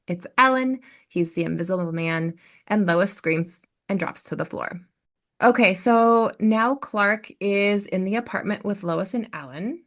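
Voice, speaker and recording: Woman podcast host telling the episode plot, lively, mid-pitched. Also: a little slow. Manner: animated storyteller. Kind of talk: recapping a TV episode.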